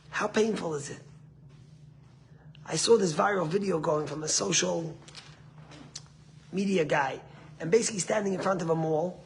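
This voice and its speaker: High-voiced earnest rabbi preaching. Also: male voice, slight background noise. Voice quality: sprinkles Hebrew words. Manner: earnest, builds to passionate peaks then drops soft. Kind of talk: short sermon.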